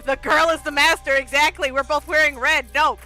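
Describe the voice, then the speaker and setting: A woman streaming a story game, reading it aloud and reacting with lots of laughter and excited shouts. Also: high-pitched, brisk, soft background music.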